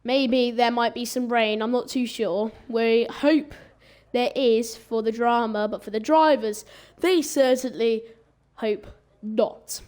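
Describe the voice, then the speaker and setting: A fairly high-pitched woman calls a live online racing session with loose, rambling chatter. She trips over words and corrects herself as she goes, keeping a casual streamer feel. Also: slow pace, a little mellow. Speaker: sim racing commentator. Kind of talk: live esports race commentary.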